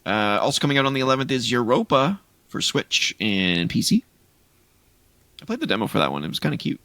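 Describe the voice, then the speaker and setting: Podcast co-host, male, low gravelly voice, animated and rambling, dry recording. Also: a little fast, dry recording. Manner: rambling, listing game releases with restarts. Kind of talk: casual chat.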